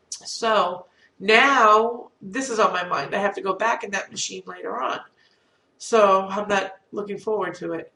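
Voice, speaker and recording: A woman's voice: medium pitch, fairly bright tone. A middle-aged woman with a cold, telling a rambling, candid, self-deprecating story to camera as a vlogger. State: has a cold. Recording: roomy echo, distant from mic.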